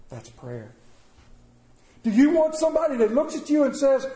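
A man preaching a sermon, telling stories and swinging between quiet and loud delivery. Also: fairly high pitch, very animated, normal speed, long pauses, slight background noise. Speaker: pastor. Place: church sanctuary. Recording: roomy church echo.

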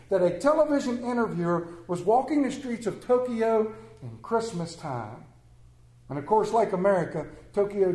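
High-voiced preacher in an echoey church. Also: male voice. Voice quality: dramatic swings between loud emphasis and hushed low lines. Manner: repeats phrases for rhetorical build. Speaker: pastor. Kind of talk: sermon. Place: church sanctuary with congregation.

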